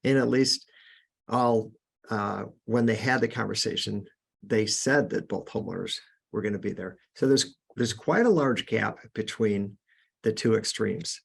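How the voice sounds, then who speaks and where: A man's voice: lowish voice, a little slow, gravelly, breathy edge. A man hosting a podcast, giving earnest, casual sales coaching with frequent restarts. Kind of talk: casual instructional talk.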